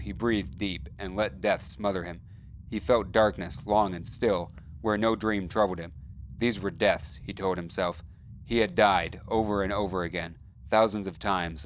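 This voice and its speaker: Low-voiced man narrating a somber story. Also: slight background noise. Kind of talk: audiobook narration.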